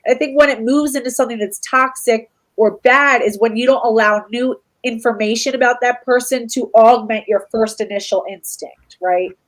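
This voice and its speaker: A woman's voice: on the high side, fairly even intonation, normal speed, hardly any pauses, rough recording. A woman with a congested voice, hosting a casual livestream talk show and chatting loosely with many fillers. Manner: chatty, many fillers, reads live chat aloud. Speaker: podcast host.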